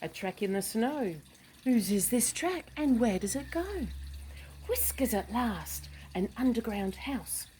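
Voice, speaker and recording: Woman storybook reader, lively swooping delivery, unhurried, gasps and hushed asides, faint dripping tap behind. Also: fairly high pitch, a little hiss or hum, low-quality recording. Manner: animated, with gasps, hushed asides and questions to the listener. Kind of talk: reading a picture book aloud to children.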